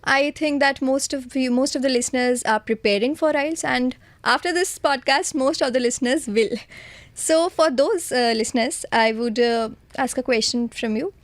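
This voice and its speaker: A woman's voice: sits high, moderate pace, no echo. A woman hosting a podcast interview, an encouraging interviewer who affirms her guest's answers. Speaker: podcast host.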